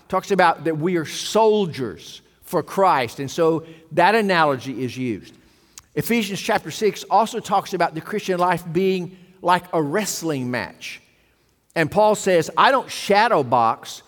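A pastor preaching a sermon, turning to his congregation with rhetorical questions. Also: on the high side. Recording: long hall reverb.

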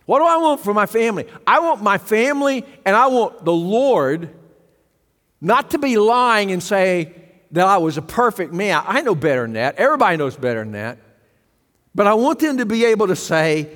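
A man's voice: sits high, lively intonation, normal speed, a bit bright. A pastor preaching a sermon, turning to his congregation with rhetorical questions. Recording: long hall reverb.

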